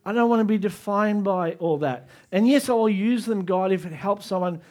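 High-voiced man preaching emphatically. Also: moderate pace. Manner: emphatic preaching that swings from soft asides to raised climaxes. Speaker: pastor. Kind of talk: sermon.

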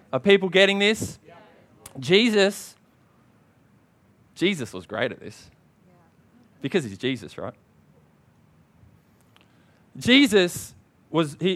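A man's voice: fairly high pitch, a bit bright. A man preaching a sermon, emphatic and punchy, often calling out to the congregation for a response.

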